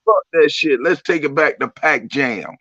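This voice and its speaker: Guy bragging crude about his songs, kinda high voice, muffled close recording. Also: animated, a little slow, sharp tone, no echo. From Miami, USA. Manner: boastful, crude, streetwise. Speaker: musician guest. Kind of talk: casual interview chat. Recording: dull lo-fi audio.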